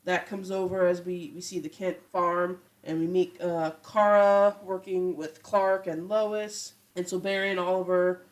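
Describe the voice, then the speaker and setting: A woman's voice: lowish voice, level tone, unhurried, hardly any pauses, low-quality recording. A woman hosting a podcast, casually recapping an episode in a chatty, fond way, with lots of "you know" and "like". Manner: chatty, fond, quotes characters in passing; frequent "you know" and "like" fillers. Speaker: podcast host.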